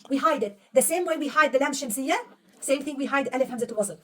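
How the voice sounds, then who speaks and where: A woman's voice: high-pitched, fast, fairly bright tone, distant mic. A woman teaching a young pupil to read Arabic, patiently quizzing her and praising right answers. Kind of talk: one-on-one reading lesson.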